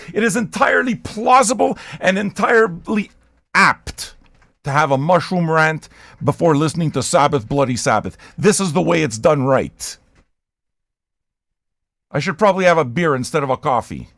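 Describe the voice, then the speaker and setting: A man hosting a record-listening livestream who talks in a loud, shouty, abrasive rant and swears freely. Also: a little high, moderate pace, creaky, no room sound, studio quality. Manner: profane, excitable. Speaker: host of a record-listening show. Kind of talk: loud ranting livestream chat.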